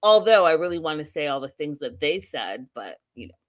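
A woman's voice: deep voice, a little fast. A woman hosting a reality TV recap show, chatting casually and acting out the cast's lines with lots of expression. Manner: animated, acts out the cast's lines, laughs often.

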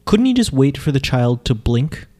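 A man with a mellow, dark voice and a lively, swinging pitch tosses off dry, wry asides in a casual anime recap. He sounds relaxed and laid-back. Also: moderate pace. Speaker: podcast co-host.

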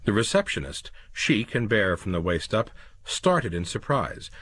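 A man narrating a science fiction story with slow, measured storytelling. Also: lowish voice, big pitch swings, fairly bright tone, husky, dry recording.

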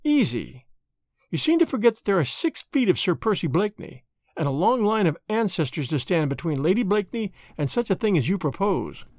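A man's voice: sits high, sing-song, fairly quick, darkish tone, no echo, clean studio sound. A man voicing a proud, spirited young noblewoman who is flippant and indignant in a storybook reading. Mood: haughty.

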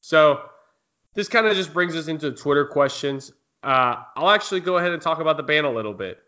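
A man's voice: fairly high pitch, expressive, fairly quick, bright, forceful tone, muffled recording. A man hosting a casual sports podcast, chatting and reading listener questions. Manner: conversational, reads listener questions. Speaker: podcast host.

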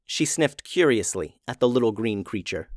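A man narrating a fantasy story in an expressive storytelling voice. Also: mid-range voice, normal speed, no room sound, clean studio sound.

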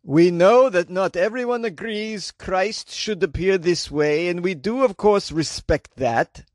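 A measured old church spokesman, as a man puts him on, speaking in a slow, careful cadence. The voice sits higher than the performer's own and sounds distinctly different from it. Each phrase is drawn out with deliberate patience. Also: dry recording, clean studio sound.

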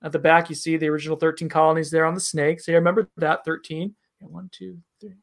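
A man's voice: fairly high pitch, level tone, fast, creaky. A man co-hosting a casual bourbon review chat, rambling and self-deprecating, with lots of fillers.

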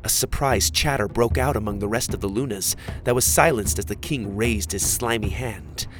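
A man narrating a children's adventure story in the first person, with expressive storytelling. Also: on the low side, normal speed. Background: faint music.

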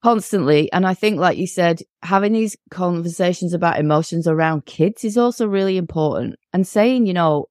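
A woman's voice: on the low side, normal speed, few pauses, dry recording, studio quality. A middle-aged woman chatting candidly as a podcast guest, acting out little bits of dialogue as she talks. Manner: candid and animated, acts out dialogue. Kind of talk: casual chat.

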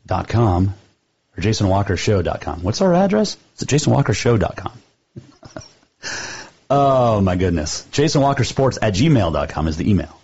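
Chatty husky-voiced sports radio host man. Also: on the low side, warm tone, dull audio. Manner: chatty, rambling, fond of trivia. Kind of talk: casual sports radio monologue.

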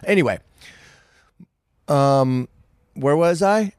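A man's voice: a little high, takes it slowly, clean tone, dry recording, studio quality. A man in his fifties, a podcast guest telling rambling, profane stories in casual interview talk. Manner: profane, rambling, animated storyteller.

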